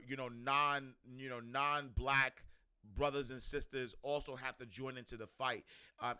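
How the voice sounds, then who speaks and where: A man's voice: medium pitch, pushed and bright, clear, resonant tone. A man hosting a daily show, talking casually with many fillers, restarts and frequent "right?" checks. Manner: asks "right?" often. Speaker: host. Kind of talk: casual commentary.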